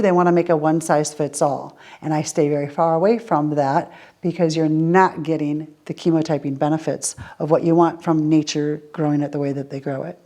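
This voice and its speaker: Low-voiced woman teaching a class. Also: a little mellow. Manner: conversational, explains with rhetorical questions and everyday examples. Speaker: essential oils teacher. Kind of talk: casual teaching Q&A with students. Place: group class with students.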